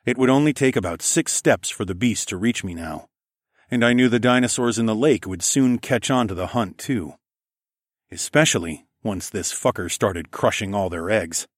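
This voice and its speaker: A man's voice: on the low side, normal speed, no echo, clean studio sound. A man narrating a first-person story in a gritty, profane storytelling manner. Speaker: audiobook narrator.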